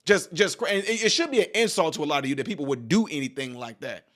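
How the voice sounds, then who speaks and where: A man's voice: a little high, fast talker. A man hosting his own channel, giving casual, jokey political commentary full of asides. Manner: animated, digressive, jokey. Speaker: channel host.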